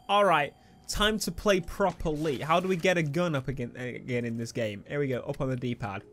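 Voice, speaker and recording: A young man giving excitable, swearing let's play commentary over a video game. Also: a little high. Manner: excitable, swearing, laughing at his own jokes. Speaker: gaming YouTuber. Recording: game gunfire and sounds behind.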